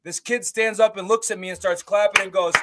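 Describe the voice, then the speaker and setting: A man co-hosting a sports talk show, recounting his game day in a loose, animated way and swearing freely. His speaking voice sits high for a man. He tells it casually, as a story to his co-host. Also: fairly quick, heavy background noise. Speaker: podcast co-host.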